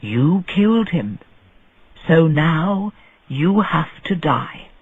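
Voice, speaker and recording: A stern, weary judge, as a man puts him on who delivers each verdict plainly and slowly. The voice sounds husky and thin, as over a narrow line. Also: on the high side, animated, no room sound, heavily acted.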